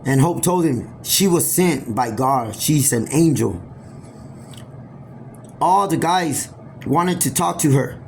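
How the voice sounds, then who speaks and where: A man improvises a long story aloud, wandering and halting, circling back to restart his lines. His voice sits a bit high with a gravelly edge, and a faint hiss runs underneath. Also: animated, darkish tone. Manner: rambling, halting, often restarts sentences.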